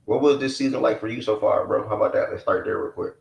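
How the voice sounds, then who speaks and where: A man with a very low voice hosts a loose sports stream, drawling his questions in easygoing slang. His voice comes back off the walls of an echoey room. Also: quick pace, gravelly. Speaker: host. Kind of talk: casual live stream chat.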